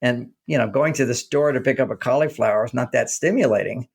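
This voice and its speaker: Gravelly-voiced male author telling stories. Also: mid-range voice, fast talker. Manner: animated storyteller acting out quoted dialogue. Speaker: author and guest. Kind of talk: casual interview talk.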